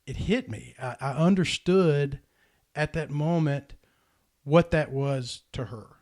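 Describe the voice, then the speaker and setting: A man's voice: a little high, takes it slowly, a little mellow. Earnest man telling a story. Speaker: podcast host. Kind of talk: casual chat, storytelling.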